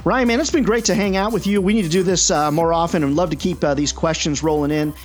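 A man's voice: a little high, fast. An upbeat man hosting a sales coaching podcast. He sounds chatty and enthusiastic, full of "uh" fillers, with faint music underneath. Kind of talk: casual podcast talk.

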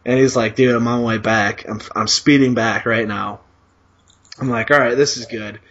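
A man's voice: mid-range voice, fairly even intonation, moderate pace, a bit bright, lo-fi sound. A man co-hosting a podcast, telling a long story in a rambling, profane way with lots of fillers. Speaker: podcast co-host. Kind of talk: casual storytelling.

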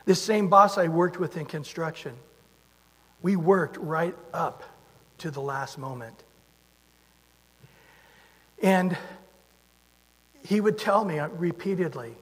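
A man's voice: fairly high pitch, moderate pace, long pauses, a bit bright. A man preaching a sermon in a conversational way, asking his listeners rhetorical questions. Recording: long hall reverb.

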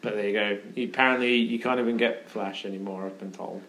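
A man's voice: on the low side, steady tone, fast, background noise. A man hosting a casual podcast chat in an office, telling a rambling story with plenty of fillers. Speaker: podcast host.

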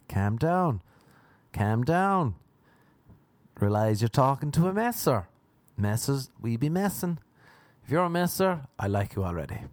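A man, telling a rambling self-mocking comic monologue and often jumping into high put-on voices. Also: darkish tone, no room sound. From Ireland. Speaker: comedian. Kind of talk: comedic monologue.

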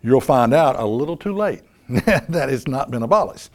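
Emphatic man preaching with lively pitch. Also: moderate pace. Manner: emphatic, rhetorical questions, repeats key phrases. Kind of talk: sermon.

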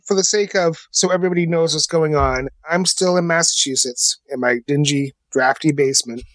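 A man co-hosting a podcast from his basement at home, laid-back and deadpan. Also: a little high, a little fast, no room sound, poor audio. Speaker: podcast co-host. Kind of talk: casual podcast chat.

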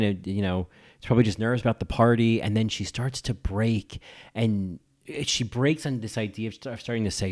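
A man's voice: on the low side, steady tone, moderate pace, a little mellow. A man hosting a podcast, giving casual film commentary in an effusive, rambling way with many restarts. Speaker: podcast host.

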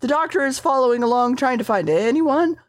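A woman's voice: sits high, animated, fairly quick, no room sound, studio quality. A woman casually recapping a TV episode, rambling, swearing freely and correcting herself as she goes.

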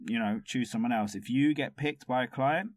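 A London-accented man talks as a podcast guest in a loose, rambling storytelling way, swearing now and then. His voice sits at an ordinary middle pitch. The sound is dry and close, with no room around it. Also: normal speed, no echo. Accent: London English. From London, England. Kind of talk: casual interview chat.

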